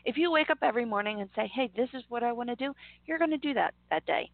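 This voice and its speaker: A woman's voice: fairly high pitch, lively intonation, quick pace, creaky, no room sound. A woman co-hosting a radio talk show, upbeat and encouraging, laughing often. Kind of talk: casual radio banter. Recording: dry, tinny phone-like sound.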